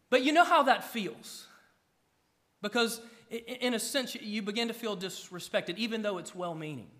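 A middle-aged pastor, preaching a sermon, with emphatic rises and soft drops. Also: male voice, high voice.

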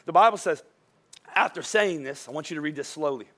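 A man preaching a sermon as a pastor, his voice worn from speaking all day. He tells jokey stories and drops soft and slow for the serious points. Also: a little high, big pitch swings. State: voice wearing out from a long day of preaching.

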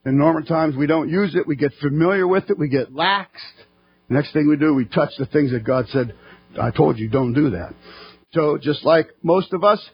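Husky-voiced male preacher, dull lo-fi recording. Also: fairly high pitch, normal speed, soft background music. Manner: fervent, rising to shouting at peaks. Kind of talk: sermon.

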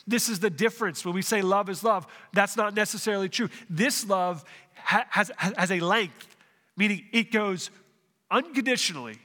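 A man's voice: high voice, moderate pace, bright, forceful tone, big-room sound. A man preaching a sermon, working through a passage verse by verse, often restarting phrases and asking the congregation questions. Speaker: pastor.

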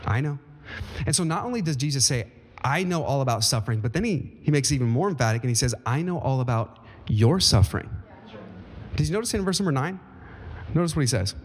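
A man's voice: on the high side, animated, fast talker, husky. A man in his thirties preaching a sermon as pastor, with emphatic rises and folksy asides to the congregation. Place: church sanctuary. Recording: long hall reverb.

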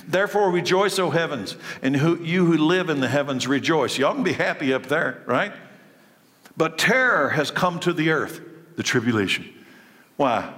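Preacher in a reverberant hall. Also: male voice, medium pitch. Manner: lively preaching, swings from loud to soft. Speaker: pastor. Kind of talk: sermon.

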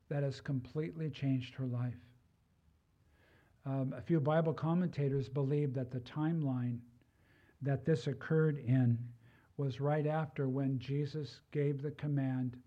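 A man's voice: medium pitch, dull audio. An older man preaching a sermon in a conversational way, with personal asides. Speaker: pastor.

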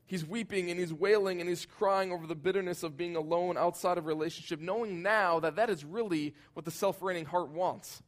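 A man preaching a sermon with a slightly higher-than-average voice. He is earnest and emphatic, swelling loud at his peaks and dropping soft and low to press a point. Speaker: pastor.

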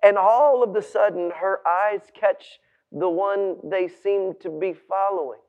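A man in his forties preaching a sermon, telling a story dramatically, swinging from hushed tones to shouts and stumbling over restarts when excited. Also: sits high, unhurried. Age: 40s. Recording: dull lo-fi sound.

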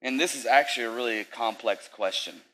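A man's voice: mid-range voice, fairly quick, a bit bright, low-quality recording. A young man giving a casual, talkative sermon, full of fillers and asides to the audience.

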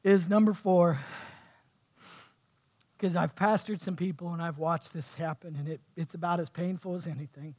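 A male pastor preaching in church with a high voice. He moves from quiet, heartfelt passages to loud, impassioned bursts. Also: fairly even intonation, normal speed, long pauses. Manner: impassioned preaching, swinging from soft to shouting. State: sweating. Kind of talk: sermon.

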